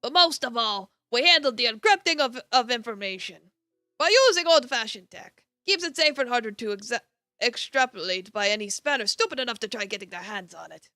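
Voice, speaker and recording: A cranky old crone of an office boss, put on by a woman reading a game aloud, all gruff and scolding. The voice sits fairly high and bright, recorded dry and close with faint music under it. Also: normal speed, no room sound. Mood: exasperated. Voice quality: gruff put-on Irish-style hag voice. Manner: curt, scolding, exasperated.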